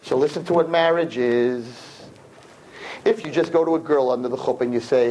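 A man teaching a religious lesson to a class, telling stories with lively acted-out voices and sudden pitch jumps. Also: normal speed, long pauses, a little hiss or hum, poor audio. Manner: lively storytelling, jumps high in pitch, acts out characters. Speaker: rabbi teacher. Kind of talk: animated classroom lecture.

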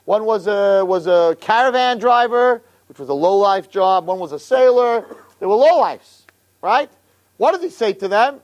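A man teaching boys the weekly Torah portion in an impassioned sermon, firing rhetorical questions and swinging from low murmurs to loud, high exclamations. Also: expressive, normal speed.

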